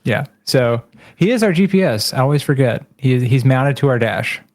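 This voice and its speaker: A man's voice: medium pitch, animated, normal speed, no room sound. A man playing in a tabletop game, explaining his character with hesitant restarts. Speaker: player. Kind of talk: casual chat.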